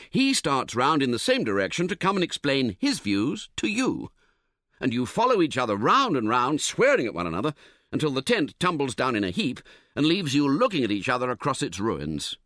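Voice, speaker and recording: Male audiobook narrator, wry, theatrical, very animated pitch, dead dry studio sound. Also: no room sound. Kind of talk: scripted narration of a comic novel.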